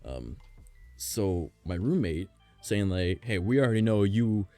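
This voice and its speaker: On a casual stream with faint background music, a man speaks in a warm, lowish voice, expressive and unhurried. He rambles, swears freely, and laughs often, his voice strained and worn.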